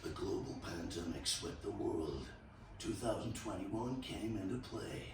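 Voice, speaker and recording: A man doing a slow, dramatic mock trailer voice-over for a podcast. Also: low voice, animated. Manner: slow, dramatic announcer delivery. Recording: very echoey room, distant mic, noisy.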